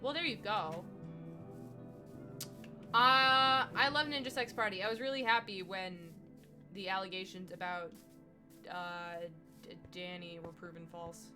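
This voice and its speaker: Bright-voiced young woman rambling on stream. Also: medium pitch, fairly even intonation, unhurried, long pauses, soft background music. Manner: rambling, chatty storytelling, talks to game animals. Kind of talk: casual live-stream chat while gaming.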